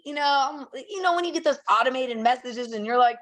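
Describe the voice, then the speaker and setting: Woman guest, slightly high register, animated storyteller, blunt and profane, laughs a lot. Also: fairly quick. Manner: acts out quotes in a raised voice. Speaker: guest, bare-knuckle fighter. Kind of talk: casual podcast chat, animated storytelling.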